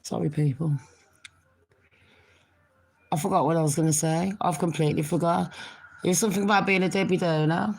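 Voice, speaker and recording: This middle-aged woman vlogger rambles cheekily to her viewers on camera while fighting a cold and a cough. She speaks fairly quickly on the low side, with fairly even intonation, vocal fry and long pauses.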